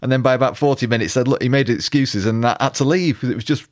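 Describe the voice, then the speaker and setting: A man's voice: medium pitch, fast. A man co-hosting a music podcast, chatting and telling anecdotes in a conversational way. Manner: conversational, storytelling, reading out quotes. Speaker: podcast co-host. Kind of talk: casual music chat.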